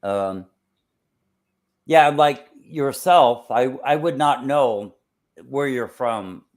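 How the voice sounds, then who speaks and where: A man speaks haltingly in a casual chat, stopping often to search for words. His phrasing leans formal and a little bookish. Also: medium pitch. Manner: halting and wordy, many "uh" pauses, formal word choice.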